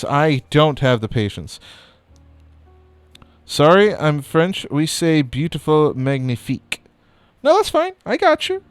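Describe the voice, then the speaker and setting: A man's voice: mid-range voice, smooth, no room sound. Male streamer, mid-range voice, loose rambling chat with casual cursing. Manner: rambling, chatty, casual swearing. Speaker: streamer building model kits.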